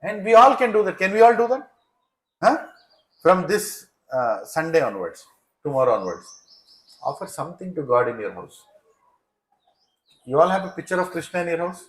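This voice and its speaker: A man, a spiritual teacher telling a sermon story in an animated way, often checking in with the audience. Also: on the high side, normal speed, pauses often, echoey room, rough recording. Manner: animated, asks the audience "right?". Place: devotional center hall.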